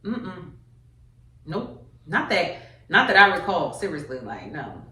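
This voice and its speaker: A woman comedian telling stories in a casual podcast chat, animated and acting out the voices of others. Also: fairly low pitch, slow, far from the mic. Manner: animated storyteller, acts out quoted voices. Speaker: comedian guest. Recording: roomy, from off mic.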